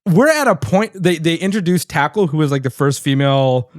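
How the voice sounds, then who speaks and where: A man's voice: fairly high pitch, lively intonation, a little fast, no echo, studio quality. A man co-hosting a casual podcast, telling a story with lots of energy, laughing often and swearing casually. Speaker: podcast co-host. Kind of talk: casual chat.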